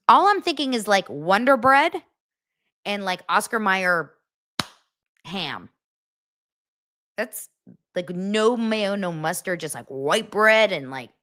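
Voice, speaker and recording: A woman in her thirties hosting a casual livestream, chatty and animated as she reacts to chat comments. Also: medium pitch, a little slow, pauses often, no echo, clean studio sound. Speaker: livestream host.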